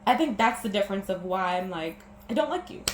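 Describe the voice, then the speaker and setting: A woman's voice: medium pitch, animated, fairly quick. A young woman vlogging about her breakup, emotional and teary, stumbling and restarting as she talks. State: teary, sniffling. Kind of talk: personal vlog about a breakup. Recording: echoey room with faint background noise.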